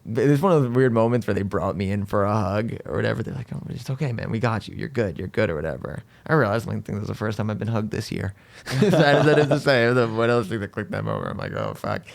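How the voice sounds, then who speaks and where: A man tells a rambling, self-deprecating story as a comedian guest on a podcast, filling his talk with "like" and "dude". His voice sits very low and has a gravelly crackle. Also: rapid-fire.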